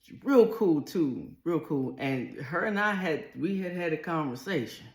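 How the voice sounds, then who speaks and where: A woman's voice: deep voice, expressive, unhurried, a little mellow. A middle-aged woman, telling a personal story to camera in a candid, earthy, blunt way. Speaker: vlogger. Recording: echoey room.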